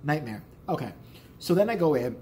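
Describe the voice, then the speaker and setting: A man's voice: on the high side, big pitch swings, a little fast, a little mellow, slight background noise. A man telling a rambling, profane story in a casual vlog. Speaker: vlogger.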